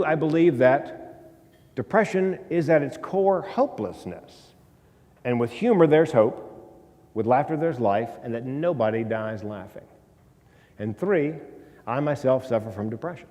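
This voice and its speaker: A male comedian giving a stage talk, telling a story with dramatic pauses and wry humor. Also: mid-range voice, animated, mellow. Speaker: comedian and speaker. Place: stage in a large hall. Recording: hall reverb from stage talk.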